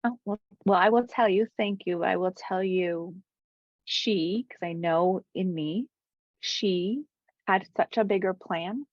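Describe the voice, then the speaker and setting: A woman guest, a spiritual coach, telling a heartfelt personal story in an interview, dropping to soft whispers at times. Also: medium pitch, slow pace, dry recording, lo-fi sound. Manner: earnest, drops to soft whispers for quoted moments.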